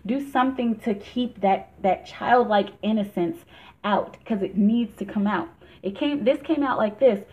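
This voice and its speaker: A woman's voice: medium pitch, a little slow, darkish tone. A woman giving a casual tarot reading for a vlog, chatty and emphatic, laughing often. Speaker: tarot reader. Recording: tinny phone-like sound.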